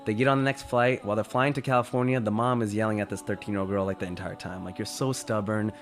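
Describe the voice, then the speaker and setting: A man's voice: lowish voice, steady tone, rapid-fire, soft background music. Casual man telling a story. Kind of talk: storytelling talk.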